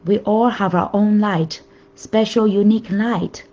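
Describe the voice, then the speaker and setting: A woman's voice: medium pitch, fairly even intonation, measured pace, warm tone. A woman hosting a weekly motivational show, talking earnestly and emphatically and repeating her key phrases. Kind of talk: motivational talk. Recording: dull lo-fi sound.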